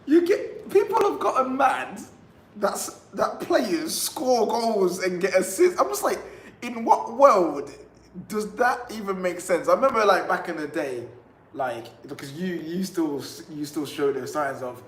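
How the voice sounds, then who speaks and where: A man with a London accent co-hosting a football chat, with a high voice. He talks in loose street slang and often stumbles over his words. He sounds like he is in an echoey room with faint hiss. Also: animated, measured pace. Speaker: co-host. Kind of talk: casual chat.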